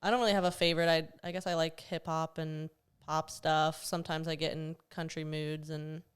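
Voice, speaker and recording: A woman's voice: deep voice, little pitch movement, a little fast, clear, resonant tone. A woman speaking as a podcast guest, answering casually and without fuss. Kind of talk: casual interview chat.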